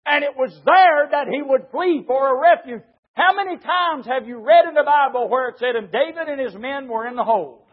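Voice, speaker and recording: A man preaching a sermon, telling a story emphatically and swinging from shouts to hushed tones. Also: very high-pitched, normal speed. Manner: storytelling with repeated "said". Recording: dull lo-fi recording.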